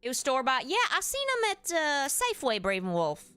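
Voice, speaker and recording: A woman's voice: high-pitched, huge pitch swings, fairly quick, a bit bright, no echo, faint music behind, heavily acted. A woman voicing a folksy, easygoing streamer character with a Southern accent, chatting with viewers while she plays. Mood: chatty. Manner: folksy, addresses chat as y'all. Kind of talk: live stream chat while playing.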